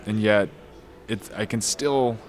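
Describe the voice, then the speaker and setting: A man being interviewed about his novel, answering thoughtfully with lots of pauses, restarts and fillers. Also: lowish voice, a little mellow. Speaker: novelist guest.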